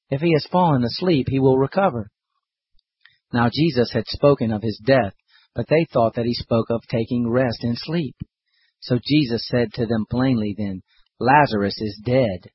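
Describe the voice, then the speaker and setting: A man giving a measured, scripted reading of scripture aloud. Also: mid-range voice, husky, dry recording, lo-fi sound. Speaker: scripture reader.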